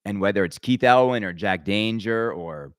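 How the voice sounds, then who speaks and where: A man's voice: on the low side, normal speed, no echo, studio quality. A man hosting his own podcast, ranting his opinions emphatically and rambling, with frequent stammered restarts. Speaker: podcast host.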